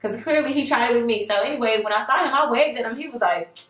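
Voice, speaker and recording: A young woman telling a casual storytime, animated and sassy, laughing often and jumping into high voices for quotes. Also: fast, reverberant. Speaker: storyteller vlogger.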